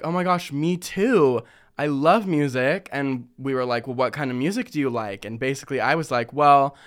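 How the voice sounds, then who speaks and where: A young adult man hosting a casual storytelling vlog, animated and often laughing as he quotes himself in higher voices. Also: clear, resonant tone.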